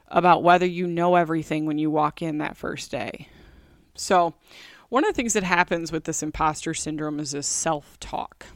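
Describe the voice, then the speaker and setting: A woman's voice: fairly low pitch, a bit bright, no echo, studio quality. A middle-aged woman hosting a podcast, talking in a chatty, candid way with many fillers. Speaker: podcast host. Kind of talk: casual solo podcast talk.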